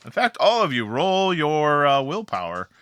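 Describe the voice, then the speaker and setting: A man's voice: a little high, huge pitch swings, normal speed, a bit bright, slight background noise. A man narrating a tabletop role-playing game as its storyteller, in a rambling style that often breaks into laughs.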